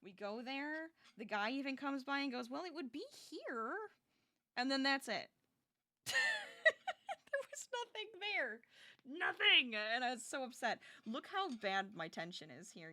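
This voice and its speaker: Bright-voiced, chatty woman streamer. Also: fairly high pitch, normal speed. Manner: chatty, animated, laughs often, talks to chat. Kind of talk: casual chat while crocheting on stream.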